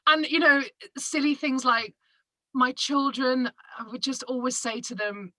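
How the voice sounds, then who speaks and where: A woman's voice: sits high, unhurried, dry recording, low-quality recording. A woman from England with a Manchester accent, a podcaster and broadcaster chatting as an interview guest and acting out quoted lines as she tells stories. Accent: Northern English, Manchester. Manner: animated storyteller who acts out quotes with laughs. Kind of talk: casual interview chat.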